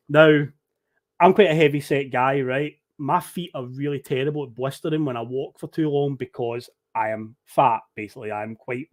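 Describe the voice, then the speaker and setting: A man with a Scottish accent telling an animated, swear-laden story as a podcast guest on an online call. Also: a little high. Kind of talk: casual storytelling.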